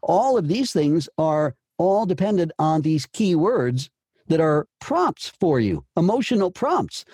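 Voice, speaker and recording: A man's voice: a little high, very animated, measured pace, a little mellow, husky, dry recording, studio quality. A man explaining voice-acting technique in an emphatic teaching manner, posing rhetorical questions. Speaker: voice-over coach. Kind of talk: conversational interview.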